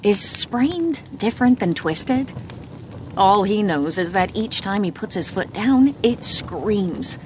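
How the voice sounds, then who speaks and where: A woman narrating a bedtime audiobook in a calm, soft reading voice. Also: mid-range voice, slight background noise.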